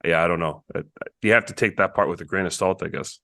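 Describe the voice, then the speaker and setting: A man's voice: sits low, bright, forceful tone, no echo, clean studio sound. A man co-hosting a podcast, talking casually about a film and filling his sentences with "like". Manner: chatty, lots of "like" and quick agreement. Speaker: podcast co-host. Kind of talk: casual movie review chat.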